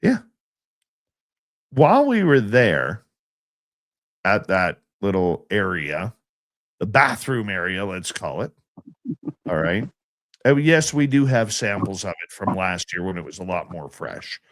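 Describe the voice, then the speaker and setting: A man recounting an outdoor encounter in a radio interview, telling it in a slow, deliberate way. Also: low voice, big pitch swings, a bit bright, no echo, clean studio sound. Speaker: guest recounting a field expedition.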